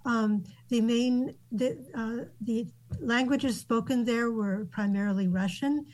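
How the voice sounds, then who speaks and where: A woman who grew up in Japan, a guest author answering interview questions thoughtfully, with many pauses and ums. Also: on the high side, darkish tone, low-quality recording.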